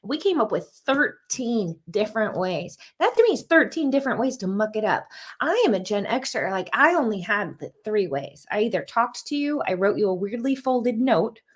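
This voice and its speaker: A woman, chatting as a guest author and coach, telling self-deprecating stories with lively energy. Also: medium pitch, normal speed, husky. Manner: animated, self-deprecating storyteller. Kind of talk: casual chat.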